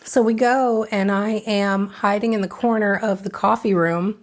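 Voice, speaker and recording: A woman's voice: medium pitch, fairly even intonation, normal speed. A middle-aged woman sits as a guest and tells her own recovery story. She speaks frankly and with real feeling. Now and then she slips into the voice she had at the time, replaying what she once said. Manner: frank, emotional, re-enacts her own past words. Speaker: podcast guest.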